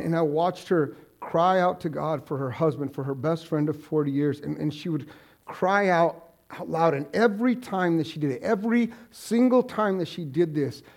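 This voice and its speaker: Earnest high-voiced male pastor preaching. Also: normal speed, darkish tone. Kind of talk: sermon.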